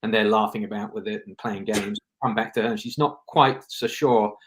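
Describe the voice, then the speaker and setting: A man's voice: lowish voice, steady tone, brisk, a bit bright, a little hiss or hum. A man speaking as a film director guest in a casual interview, reflective and rambling, often restarting his sentences.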